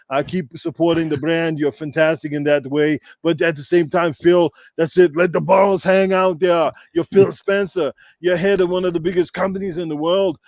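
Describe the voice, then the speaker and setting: A man's voice: fairly high pitch, darkish tone, no room sound, dull audio, close to an everyday voice. A man doing a brash bodybuilder impression. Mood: boastful. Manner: brash, boastful, rambling, trash-talking. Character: boastful muscle-bound Austrian bodybuilder, adult man. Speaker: podcast guest doing an impression. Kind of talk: comedic impression in podcast chat.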